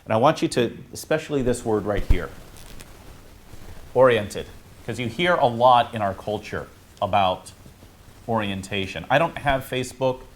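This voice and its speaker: A man, a priest, teaching students in a classroom in a casual, halting way, with many fillers and restarts. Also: medium pitch, a little hiss or hum. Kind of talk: informal classroom talk.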